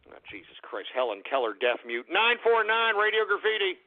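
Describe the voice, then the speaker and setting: A man from Texas hosting a call-in radio show, loud and blustering, trading insults with callers. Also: sits high, big pitch swings, fairly quick. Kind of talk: brash call-in radio banter. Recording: phone-like lo-fi radio broadcast.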